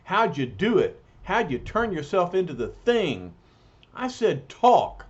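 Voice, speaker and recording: A man voicing a gruff, slangy, hot-tempered tough-guy hero who hollers in a comic read-aloud. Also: high voice, very animated, a little slow, dull audio, pitched above the performer's own voice, full character voice. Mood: threatening.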